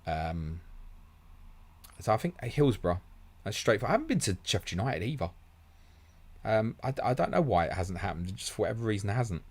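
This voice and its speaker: A low-voiced English man, young adult, runs a casual fantasy football live stream from a close desk mic. He reads viewer questions aloud and answers with blunt, chatty banter, calling everyone mate and swearing casually. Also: sing-song, a little fast, long pauses.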